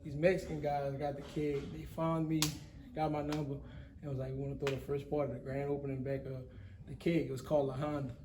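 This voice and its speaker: A man's voice: fairly high pitch, fast talker, roomy sound, background noise. Slangy young man telling wild stories. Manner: animated storyteller, slangy, says "bro" often. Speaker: event promoter, guest. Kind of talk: casual interview chat.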